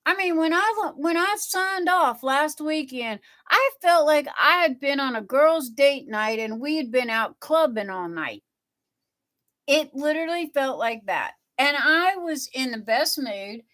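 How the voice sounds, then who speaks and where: Middle-aged woman, livestream host; unhurried, rambling chat with viewers, slightly high voice, leans on "you know". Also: lively intonation, fairly bright tone. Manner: rambling, chatty, reads viewer comments aloud; repeats "you know" a lot. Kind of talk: casual chat with live viewers.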